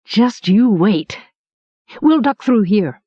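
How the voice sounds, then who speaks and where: A woman voices a cheeky young apprentice boy, pitching up high into an eager, wheedling, hungry tone with lively rise and fall. She takes it slowly, and the sound is dry, close and dull on a lo-fi recording with no echo.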